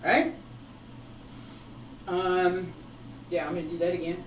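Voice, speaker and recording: Unhurried woman instructor in echoey hall. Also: fairly low pitch, flat delivery, a little hiss or hum. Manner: unhurried, breaks off mid-demonstration. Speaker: martial arts instructor. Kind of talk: demonstrating and teaching a form. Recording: echoey room, mic far off.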